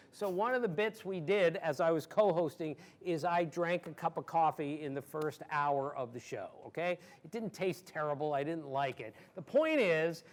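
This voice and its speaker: A man in his sixties from Maryland, guest at an audience Q&A, telling stories in an animated, emphatic way and laughing easily. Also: a little high. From Maryland, USA. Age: 60s. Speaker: guest sportswriter. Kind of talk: storytelling in an audience Q&A.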